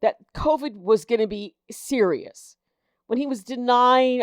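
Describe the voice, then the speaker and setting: An American woman hosts her own political commentary show, reading headlines aloud and reacting with indignant, exasperated disbelief. Her voice is a little high and sing-song, her pace a little slow, and there's no echo.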